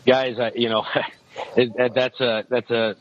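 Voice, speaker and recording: A man speaks in a casual, rambling podcast chat, often restarting his sentences and leaning on fillers. His pitch sits in the middle range. The recording sounds a little dull and lo-fi, with faint background noise. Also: little pitch movement, measured pace. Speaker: guest, outdoor TV show co-host.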